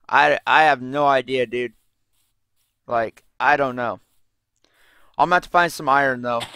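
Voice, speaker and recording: A man's voice: fairly high pitch, pushed and bright, no room sound. A young man giving casual, rambling commentary over his gameplay, frustrated and swearing constantly. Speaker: let's play gamer.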